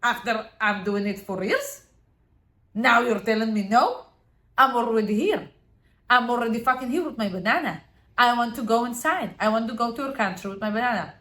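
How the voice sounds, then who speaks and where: A woman voicing an indignant, pushy man who is outraged at being refused, ranting loudly and fast. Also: on the high side, big pitch swings, echoey room.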